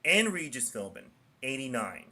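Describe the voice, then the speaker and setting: A man's voice: mid-range voice, very animated, normal speed, sharp tone. A man chatting casually on a podcast as a regular, rambling in plain statements with hesitant fillers. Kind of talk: casual chat.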